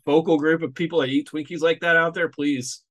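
A man co-hosting a podcast, talking through a film in a rambling, animated way with lots of fillers. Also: on the high side, brisk. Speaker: podcast co-host. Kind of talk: casual movie review chat.

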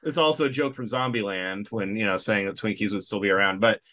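A man co-hosting a podcast, talking through a film in a rambling, animated way with lots of fillers. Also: lowish voice, quick pace. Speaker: podcast co-host. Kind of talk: casual movie review chat.

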